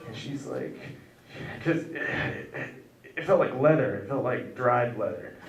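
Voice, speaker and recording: A man performing a stand-up comedy set, telling absurd stories in a deadpan way and acting out the voices in them. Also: fairly low pitch, normal speed, a little hiss or hum. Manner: deadpan absurd storytelling, acts out quoted voices. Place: comedy club stage. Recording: echoey club recording from far off with crowd. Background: audience laughter.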